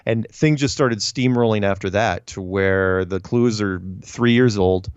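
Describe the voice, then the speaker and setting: A man's voice: lowish voice, measured pace, clear, resonant tone, no room sound, muffled recording. A man guest in a casual interview, telling his story with lots of restarts and acted-out quotes. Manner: animated, acts out quoted voices, frequent restarts.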